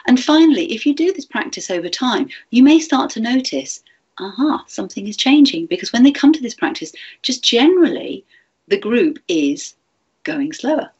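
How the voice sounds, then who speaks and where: A woman giving a gentle, chatty teacher training talk, with fillers and restarts. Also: a little high, big pitch swings, normal speed, slightly rough, dull audio.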